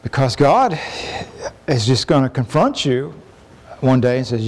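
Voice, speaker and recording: A middle-aged man preaching a sermon in a conversational way, acting out quoted complaints with sudden rises in pitch. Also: big pitch swings, slow, pauses often, a little mellow, breathy edge.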